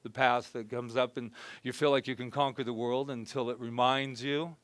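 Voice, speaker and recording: A man's voice: medium pitch, little pitch movement, moderate pace, no echo. Chatty joking male minister, dry sound. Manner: conversational and joking, softly acts out his own self-talk. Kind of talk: informal sermon. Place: spiritual center gathering before a congregation.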